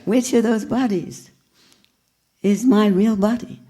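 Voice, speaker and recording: An older woman teaching a group in a spiritual talk, reflective and questioning with gentle humor. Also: medium pitch, fairly even intonation, slow pace.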